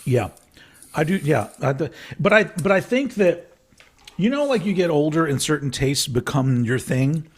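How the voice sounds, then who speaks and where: Chill podcast dude rambling at home, slightly high voice, laughs easy. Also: male voice, expressive, moderate pace, husky. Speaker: podcast co-host. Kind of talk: casual chat. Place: home recording room.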